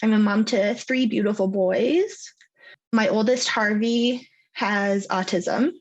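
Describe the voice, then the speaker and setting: A woman's voice: medium pitch, slow, low-quality recording. Cypriot-canadian accented woman, 30s, guest on a podcast, chatty with lots of um and like. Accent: mixed Cypriot English and Canadian. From Cyprus. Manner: chatty, laughs often, many fillers like um and like. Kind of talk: casual interview chat.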